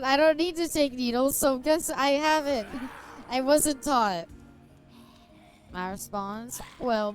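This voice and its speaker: A young woman streamer chatting casually while playing, giggling often and swearing freely. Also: high voice.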